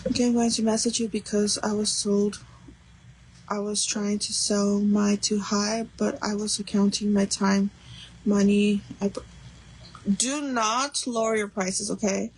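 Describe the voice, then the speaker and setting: A woman's voice: medium pitch, completely flat delivery, unhurried, darkish tone, slightly rough, rough recording. A young adult woman hosting a craft livestream, chatting casually and rambling with lots of fillers while she works.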